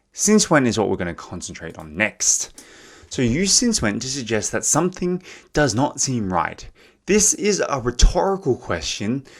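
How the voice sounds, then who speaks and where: A man with an Australian accent leads a bilingual English lesson, keeping his words slow and clear. His voice sits on the low side but moves up and down with lively intonation. He often stops to repeat things in Korean translation. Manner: explains slowly and clearly, switching into Korean. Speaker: English teacher.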